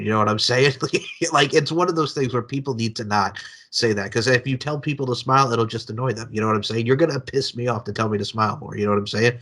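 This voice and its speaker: A man's voice: medium pitch, fast talker, a bit bright. A man hosting a podcast, talking in an emphatic, profane way and often checking in with his guest. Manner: emphatic, profane, keeps saying "you know what I'm saying". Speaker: podcast host. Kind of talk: casual chat.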